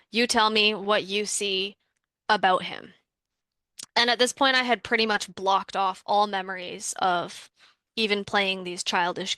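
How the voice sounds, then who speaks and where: A woman's voice: medium pitch, pushed and bright, no room sound. A young woman from Canada telling a personal story in a casual, chatty way, full of "like" fillers, as a workshop participant.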